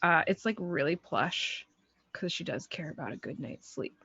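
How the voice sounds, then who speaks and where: A woman's voice: sits low, expressive, moderate pace, pushed and bright, slightly rough, no room sound. Chatty woman tabletop player. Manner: chatty, rambling, full of likes. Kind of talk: casual tabletop role-play. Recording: dry, slightly muffled stream audio.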